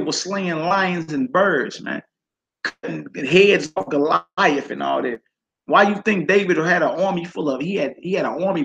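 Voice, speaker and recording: Male religious teacher, scripture reading with casual slangy commentary, gravelly tone. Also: a little high, fairly bright tone. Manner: casual slang, frequent "you know what I'm saying" asides.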